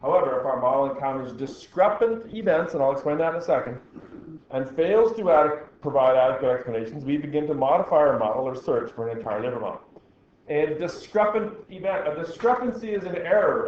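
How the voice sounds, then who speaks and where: A man's voice: a little high, animated, a little fast, darkish tone. A middle-aged man teaching a science class, reading a text aloud and stopping to explain it, with dry jokes for the students. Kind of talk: classroom lecture. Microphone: recorder in the room. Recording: very echoey, dull classroom recording with faint noise.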